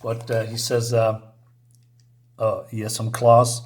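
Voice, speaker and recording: Reviewing a comic book at normal speed, a man with a mid-range, animated and slightly mellow voice keeps things chatty. He recounts the plot, performs the dialogue in playful voices and giggles now and then.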